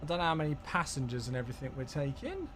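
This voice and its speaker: A man runs a live flight sim stream from his home setup, chatty and thinking aloud. His voice sits high and swings widely in pitch. A faint hiss stays under him. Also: very animated, very fast. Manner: chatty, thinking aloud, thanking viewers warmly.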